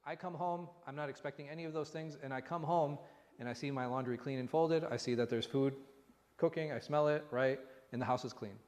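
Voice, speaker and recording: A man, an imam, giving a conversational religious lesson, animated and full of rhetorical questions. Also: on the high side, fairly quick. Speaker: imam teaching a class. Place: mosque hall. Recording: long reverb in a hall.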